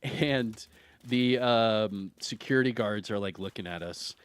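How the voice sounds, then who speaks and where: A man in his thirties streaming a video game, telling a long story in a rambling, animated way with lots of fillers and laughter. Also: fairly low pitch, unhurried, clean tone, dry recording. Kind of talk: casual storytelling while streaming.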